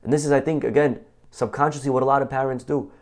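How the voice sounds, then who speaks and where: A man's voice: medium pitch, fairly even intonation, fast talker, a little hiss or hum. A man, a rabbi, giving a conversational Torah class, asking rhetorical questions and quoting Hebrew texts. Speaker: rabbi teaching.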